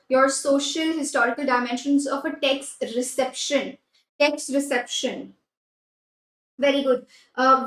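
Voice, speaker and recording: High-voiced Indian woman teaching a class. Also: a bit bright, echoey room, low-quality recording. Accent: Indian English. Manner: repeats key phrases, mixes Hindi and English, praises students by name. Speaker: exam prep teacher. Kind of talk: live online class lesson.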